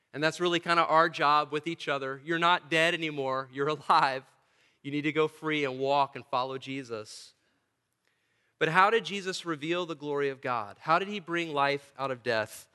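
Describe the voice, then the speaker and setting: A man's voice: on the high side, pushed and bright, clear, resonant tone. A male pastor preaching a sermon in a church, earnest and emphatic, with touches of dry humor. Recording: long church reverb.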